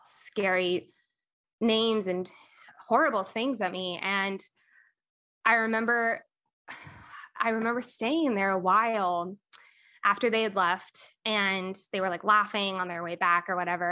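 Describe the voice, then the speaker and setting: A young adult woman, a podcast guest and coach, telling a painful personal story candidly, with many pauses and fillers. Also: medium pitch, pushed and bright.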